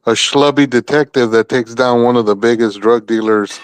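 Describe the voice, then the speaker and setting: Man, mid pitch, smooth clear tone, measured and matter-of-fact, dry close sound. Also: steady tone, no echo. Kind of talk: casual group chat.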